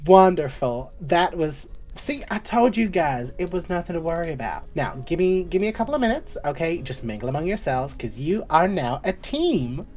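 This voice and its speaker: A woman voicing a warm, slightly unhinged guild clerk who calls everyone love and darling. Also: fairly low pitch, sing-song, moderate pace, hardly any pauses, soft background music, pitched above the performer's own voice. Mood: doting.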